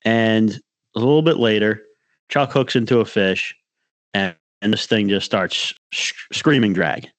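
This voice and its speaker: A man's voice: lowish voice, measured pace, no room sound. A man co-hosting a podcast, telling a rambling fishing story in casual chat and acting out what others said. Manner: rambling storyteller, restarts, acts out quotes. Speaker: podcast co-host.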